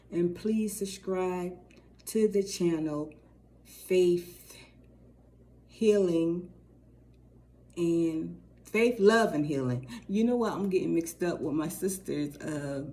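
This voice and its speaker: A middle-aged woman co-hosting a faith channel, talking casually and warmly to her viewers, rambling and repeating phrases as she goes. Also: on the low side, slight background noise. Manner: warm, rambling, repeats phrases, says y'all. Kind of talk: casual direct-to-camera talk.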